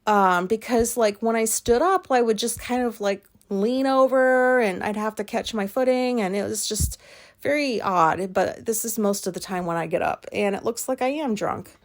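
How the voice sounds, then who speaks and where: A woman's voice: a little high, normal speed. A woman hosting a podcast, telling personal stories in a rambling, candid way, swearing freely and laughing at herself. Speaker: podcast host. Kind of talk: casual personal storytelling.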